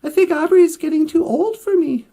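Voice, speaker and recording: Brief: gentle, sorrowful storybook teddy bear, voiced by a woman, high and meek. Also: normal speed. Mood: sad, meek. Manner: meek, hesitant. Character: small sad male teddy bear, timid and gentle.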